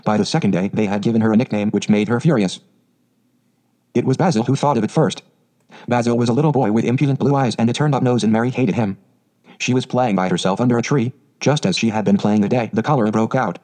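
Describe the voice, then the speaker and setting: A man narrating a storybook in a steady, even reading. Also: medium pitch, fast, rough recording. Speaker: audiobook narrator.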